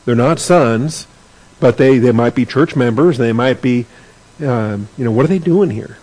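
An earnest man teaching scripture to a class in a conversational tone. His pitch is ordinary for a man, and he often repeats a word while searching for his phrasing. He reads passages and then comments on them plainly. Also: unhurried, darkish tone, rough recording.

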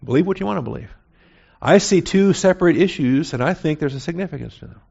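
A man's voice: a little high, expressive, fast, vocal fry, a little mellow, breathy edge. A man teaching a Bible lesson in a conversational way, often checking in with his listeners. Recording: dull lo-fi recording.

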